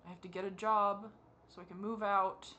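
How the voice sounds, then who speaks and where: A young adult vlogger crying while talking to the camera, asking halting, self-critical questions in a rambling way. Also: medium pitch, level tone, sharp tone, dull audio. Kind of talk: confessional talk to camera.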